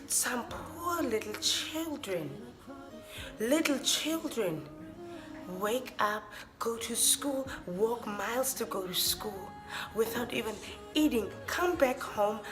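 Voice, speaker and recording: A woman's voice: on the high side, lively intonation, takes it slowly. A young woman, ranting with feeling in a vlog, often restarting and repeating her phrases. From Namibia. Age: young adult. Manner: impassioned, repetitive, restarts phrases. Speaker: vlogger. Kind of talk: emotional rant to camera. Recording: music playing under the voice.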